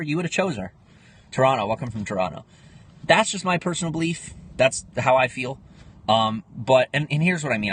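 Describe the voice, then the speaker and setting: A man's voice: mid-range voice, a bit bright. Young male streamer, casual rambling chat, phone mic, faint hiss behind. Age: 20s. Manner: rambling, answers viewer comments. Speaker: livestream host. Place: home livestream, in Pennsylvania.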